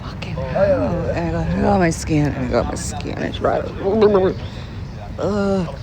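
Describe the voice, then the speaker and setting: A woman's voice: deep voice, unhurried, a loud crowd. A woman vlogging outdoors at a skydiving airfield into a handheld camera, rambling nervously and swearing a lot. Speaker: travel vlogger. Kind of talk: casual vlog to camera. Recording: loud music under the voice.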